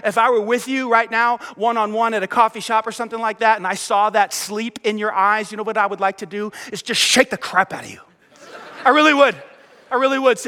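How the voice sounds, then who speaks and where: A middle-aged male pastor preaching an energetic sermon, acting out the prayers and voices he quotes. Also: sits high. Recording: long hall reverb.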